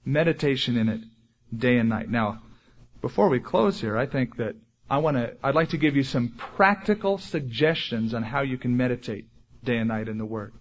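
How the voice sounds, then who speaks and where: Husky male preacher, lo-fi sermon. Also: mid-range voice, animated, normal speed. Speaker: pastor.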